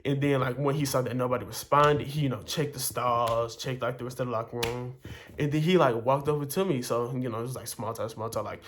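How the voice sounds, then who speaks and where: A man's voice: medium pitch, steady tone, brisk, slight background noise. A young man vlogging, telling a long personal story in a chatty way, full of fillers and acted-out quotes. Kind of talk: casual storytelling.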